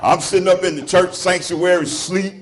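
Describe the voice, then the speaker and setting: A man's voice: sits high, fairly even intonation, moderate pace. A man with a Southern US accent doing a stand-up comedy set, loosely teasing the crowd and laughing along as he talks. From Alabama. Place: club stage before a live audience.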